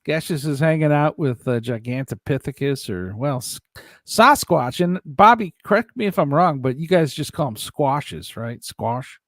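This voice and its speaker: A man's voice: fairly high pitch, normal speed, no room sound, studio quality. A man hosting a casual show, reading out viewer comments and joking with his guests, laughing often. He is from Ohio. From Ohio, USA. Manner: jokey, laughs often, animated. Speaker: host.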